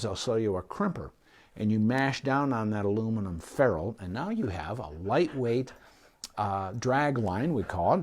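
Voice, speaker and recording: A middle-aged male veterinarian gives relaxed, practical advice on training a dog. His delivery is folksy and conversational, and he keeps checking in with listeners with a quick "okay?". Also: fairly low pitch. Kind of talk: casual instructional talk to camera.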